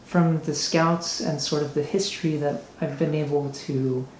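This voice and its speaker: A man's voice: a little high, steady tone, a little slow, a little mellow, slight background noise, lightly acted. A man voicing a flamboyant, giddy male nobleman mayor in a tabletop game, speaking in an ingratiating way, recorded in an echoey room.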